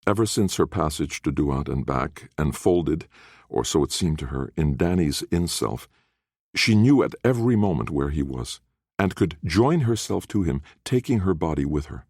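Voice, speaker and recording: Deep-voiced man narrating a fantasy audiobook. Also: normal speed, breathy edge, dry recording, studio quality. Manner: expressive storytelling. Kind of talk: scripted narration.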